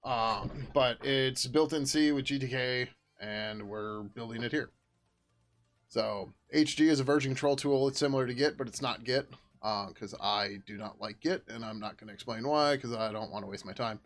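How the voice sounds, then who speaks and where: A man's voice: medium pitch, moderate pace. Rambling middle-aged man coding on stream. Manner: rambling, casual, swears, hums to himself while working. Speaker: livestream host and software developer. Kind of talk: casual coding livestream chat.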